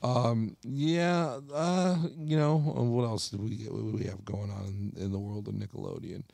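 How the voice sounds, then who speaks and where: A man's voice: lowish voice, steady tone, normal speed, gravelly, darkish tone, dry recording. A man co-hosting a casual podcast, laid-back and swearing often, calling his friend bro. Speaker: podcast co-host. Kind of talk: casual chat.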